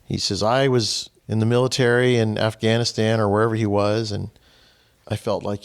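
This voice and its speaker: A man's voice: lowish voice, level tone, moderate pace, smooth. A man hosting a group discussion in a small room, talking earnestly and with emphasis, often quoting others. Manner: earnest, emphatic, acts out quotes. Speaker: host.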